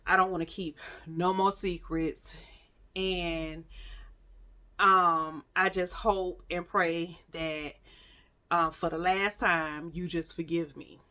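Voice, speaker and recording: A woman quoting her remorseful boyfriend, who pleads softly and earnestly. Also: on the low side, fairly even intonation, slow pace. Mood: pleading.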